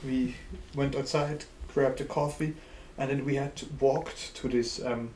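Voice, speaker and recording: A man co-hosting a podcast, telling a story in relaxed, halting casual chat. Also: medium pitch. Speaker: podcast co-host. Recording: echoey room with faint noise.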